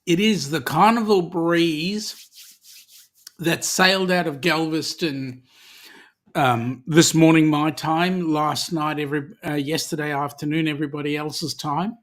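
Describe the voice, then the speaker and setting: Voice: medium pitch, fairly even intonation, measured pace. An Australian host chatting casually on a livestream, reading out viewer comments in a jokey way with plenty of ums and restarts.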